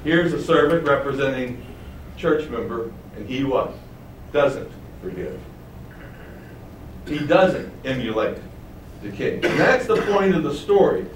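A man preaching a sermon. He reads verses, explains them, and acts out the speakers in a higher voice. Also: expressive, a little slow. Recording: roomy echo, voice from a distance, faint background noise.

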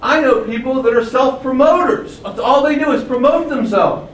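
A man's voice: extremely high pitch, normal speed. A man preaching a sermon, stressing key phrases and rising on them. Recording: roomy echo from far off, faint ambience.

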